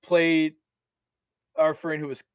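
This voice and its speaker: A young man, an army veteran, telling stories as a podcast guest in a lively, casual way, laughing often and restarting sentences. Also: fairly high pitch, slow pace, clean tone, dry recording, highs cut off. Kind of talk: casual storytelling.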